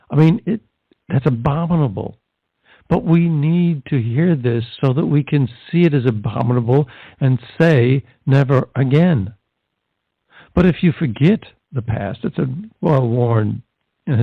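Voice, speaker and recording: Raspy gravelly guy preaching hard, lots of questions, sounds like a phone call. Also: medium pitch, dry recording. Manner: fervent, full of rhetorical questions. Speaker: Catholic evangelist presenter. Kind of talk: podcast commentary. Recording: tinny phone-like line, dry.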